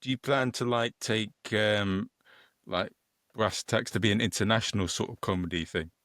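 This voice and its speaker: A man hosting a casual podcast interview, relaxed and joking, sometimes searching for his words. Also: on the low side, moderate pace, no room sound, clean studio sound. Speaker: podcast host.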